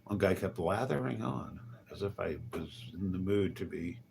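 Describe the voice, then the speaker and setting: A man's voice: low voice, expressive, normal speed, vocal fry, darkish tone, slight background noise. A man rambling through a casual livestream monologue, wry and grumbling, muttering asides and chuckling to himself. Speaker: livestreaming vlogger. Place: hotel.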